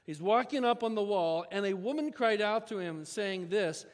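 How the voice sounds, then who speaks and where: A man's voice: high-pitched, animated, moderate pace. A male pastor preaching a sermon in a church, talking in a conversational, folksy way with asides to the congregation. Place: church sanctuary. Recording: long reverb of a church hall.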